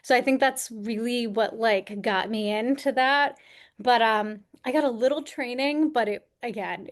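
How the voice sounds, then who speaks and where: A woman's voice: a little high, measured pace. A woman from New York State, a career coach and actor, chatting animatedly as a podcast guest over a video call. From Poughkeepsie, New York. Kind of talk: casual interview chat.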